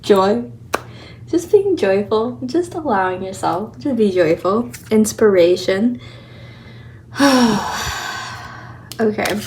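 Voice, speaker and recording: A woman's voice: medium pitch, lively intonation, takes it slowly, pauses often, darkish tone. Young woman, tarot reader, out of breath, chatty, encouraging, faint background hiss. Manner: chatty and encouraging, laughs often. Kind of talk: casual pick-a-pile tarot reading.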